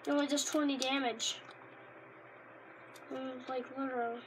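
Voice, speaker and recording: A woman rambling casually in a vlog, easily delighted and bursting into loud exclamations. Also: high voice, steady tone, normal speed, a little hiss or hum. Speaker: Pokémon card reviewer. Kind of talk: casual unscripted vlog chat.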